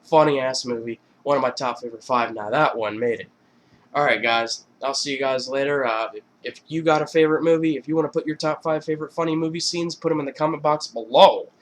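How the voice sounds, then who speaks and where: A man's voice: medium pitch, fairly quick. A young man recapping funny movie scenes in a casual, rambling, profane vlog style. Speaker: vlogger.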